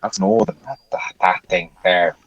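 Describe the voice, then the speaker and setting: A man's voice: low voice, huge pitch swings, normal speed, creaky, dry recording, dull audio. A man from England co-hosting a podcast, chiming in with blunt, teasing banter. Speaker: podcast co-host. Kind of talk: casual banter.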